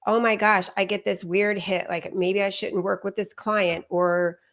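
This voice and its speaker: A woman in her fifties hosting a talk show, chatting casually and quoting herself and others in lively asides. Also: medium pitch, a little slow. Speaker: podcast host. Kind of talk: casual chat, personal storytelling.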